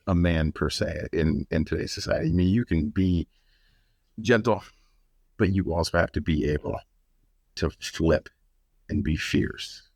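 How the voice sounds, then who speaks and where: A man in his thirties, a podcast guest, talking bluntly in halting phrases and swearing casually. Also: deep voice, darkish tone, no echo, studio quality.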